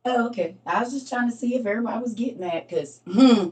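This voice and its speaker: A woman's voice: fairly high pitch, rapid-fire, darkish tone. A middle-aged woman hosting a casual Bible study livestream, chatty and teasing, laughing often. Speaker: livestream host. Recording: voice from a distance from the mic.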